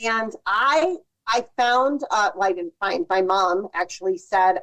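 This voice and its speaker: A woman's voice: medium pitch, steady tone, unhurried, fairly bright tone, rough recording. A woman, a podcast guest, giving thoughtful advice in casual conversation. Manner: thoughtful, restarts sentences.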